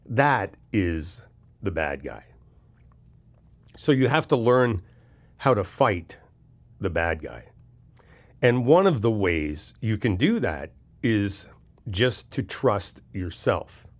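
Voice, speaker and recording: Male best friend for a comfort audio, animated and frank, casual swearing, reassuring. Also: on the low side, takes it slowly, long pauses. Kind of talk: comfort audio role-play.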